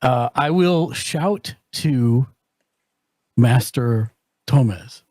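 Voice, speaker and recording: A man's voice: mid-range voice, extremely slow, mellow, no room sound, studio quality. A man playing a tabletop game, stumbling and hesitant as he describes his moves. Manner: hesitant, stumbling, laughing easily. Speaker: player.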